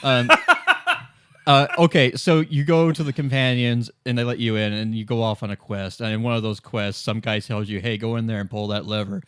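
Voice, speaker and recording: A man's voice: mid-range voice, fairly even intonation, normal speed, fairly bright tone, smooth, no room sound. A man in his thirties talks through a game in easy podcast chat, his voice dry and close with no room around it. He is wry and sarcastic and breaks into laughter often. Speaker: podcast co-host. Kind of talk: casual chat.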